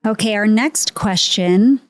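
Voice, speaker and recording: A woman's voice: medium pitch, slow, no room sound. A woman hosting a podcast, talking reflectively about faith and reading out listener questions. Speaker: podcast host. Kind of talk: casual faith conversation.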